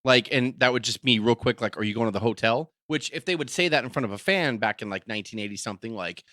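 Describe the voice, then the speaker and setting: A man chatting casually as a podcast co-host, telling an anecdote with animated energy and plenty of swearing. His voice is bright and forceful. The sound is dry and close. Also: medium pitch, fast, dry recording. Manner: animated storytelling, acting out quotes, frequent profanity. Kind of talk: casual chat.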